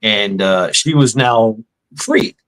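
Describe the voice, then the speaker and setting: A man's voice: fairly low pitch, animated, takes it slowly, a bit bright, poor audio. A middle-aged man telling casual stories in a rambling, profane way, acting out the lines of the people in them. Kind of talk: casual storytelling.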